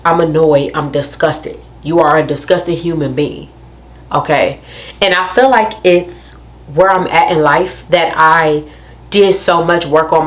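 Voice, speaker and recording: Young woman, low-pitched, ranting to her viewers, keeps repeating her points. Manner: emphatic, repeats phrases, addresses viewers directly. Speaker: vlogger. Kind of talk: casual storytime rant.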